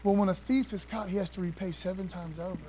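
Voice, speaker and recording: A man with a fairly high voice preaches to his congregation in a loose, conversational way. He leans hard on key phrases and keeps throwing rhetorical questions at the listeners. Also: steady tone, fast talker, darkish tone, slight background noise. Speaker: pastor. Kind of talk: sermon.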